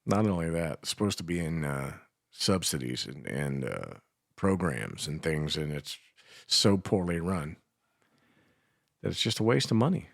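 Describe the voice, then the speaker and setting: Gravelly deep-voiced man, crude banter. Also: very animated, a little slow, dry recording, studio quality. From Ohio. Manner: rambling, crude joking with laughs. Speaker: radio show co-host. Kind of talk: casual banter.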